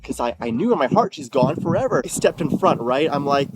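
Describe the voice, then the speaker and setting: A man's voice: medium pitch, fairly quick, slight background noise. A man telling a story in an agitated, rambling way, swearing heavily and acting out both sides of the dialogue. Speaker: interviewee. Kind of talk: confessional storytelling.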